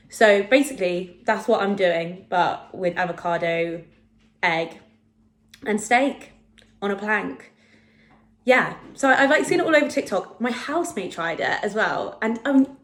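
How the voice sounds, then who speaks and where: Talking to camera for her food vlog, a woman in her twenties speaks at medium pitch with a fairly bright tone. She's casual, self-deprecating and filler-heavy, and the home room around her is echoey.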